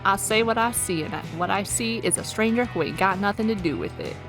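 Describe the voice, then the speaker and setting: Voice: mid-range voice, brisk, gravelly, over music, natural voice. A streamer voicing a kindly male frontier barkeep in a put-on Southern drawl. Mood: wary. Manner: folksy drawl.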